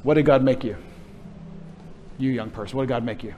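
Middle-aged man, pastor, sermon, playful, teasing kids, mid-pitched voice. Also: a little fast, narrow, tinny audio, a little hiss or hum. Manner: playful, teasing, addressing children in the congregation.

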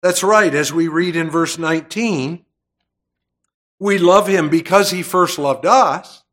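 A male preacher delivering a sermon in a slow, measured way, leaning hard on key phrases and letting them rise. His voice sits a little high for a man, and he takes his time between thoughts. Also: fairly bright tone. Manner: slow, deliberate preaching with emphatic swells.

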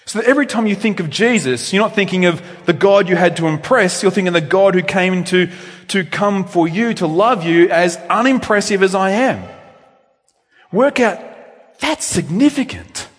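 A man preaching a sermon in a church, with animated delivery that swings between loud emphasis and quiet reflection. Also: high-pitched, normal speed, breathy edge. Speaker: pastor. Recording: long reverb in a church.

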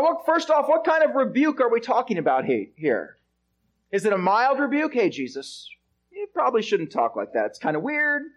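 A male pastor preaching an expository sermon, stressing his points and asking the congregation rhetorical questions. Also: extremely high pitch.

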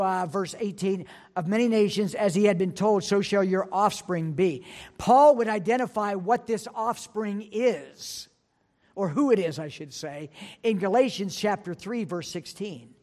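A man with a rather high voice preaches a sermon in earnest. He reads scripture aloud and slows his delivery to press home each point. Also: a little mellow. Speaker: pastor.

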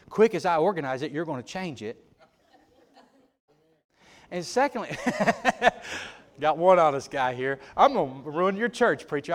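A middle-aged male preacher delivers a sermon in a church. His voice sits a little high. He mixes homespun stories with rising, fervent exhortation. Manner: folksy storytelling, rising to loud exhortation. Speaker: preacher and ministry leader. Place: church sanctuary.

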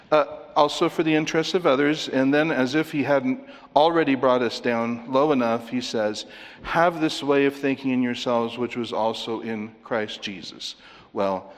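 A man preaching an expository sermon in an earnest, explaining way, asking rhetorical questions as he goes through a passage. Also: mid-range voice. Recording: long hall reverb.

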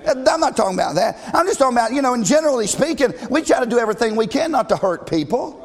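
A man's voice: very high voice, big pitch swings, quick pace, in a large hall. A man preaching a sermon in an emphatic, conversational way, often asking the congregation questions.

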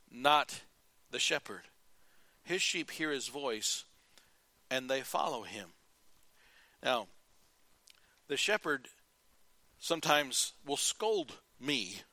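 Man, pastor preaching, bright forceful tone, dry sound, earnest emphatic delivery. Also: fairly high pitch, no echo. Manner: earnest preaching, rising to emphatic calls and dropping to quiet. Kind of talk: sermon.

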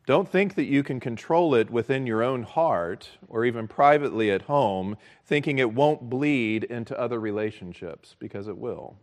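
A man preaching a sermon as pastor, earnest and measured, repeating key phrases for emphasis. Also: medium pitch.

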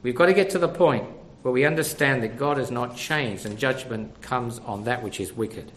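A man's voice: medium pitch, moderate pace, fairly bright tone. An older man preaching a sermon, conversational and full of rhetorical questions.

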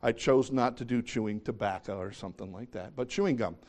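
Middle-aged male pastor, mid-pitched voice, chatty sermon delivery with questions to the congregation. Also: brisk, darkish tone. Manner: conversational, self-deprecating, asks the congregation questions.

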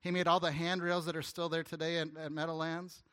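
A man preaching a sermon as a guest pastor, telling an earnest story with stammered restarts and some hushed, tender moments. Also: fairly high pitch, level tone, a little fast, clean tone. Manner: drops to a hushed, tender voice at emotional points.

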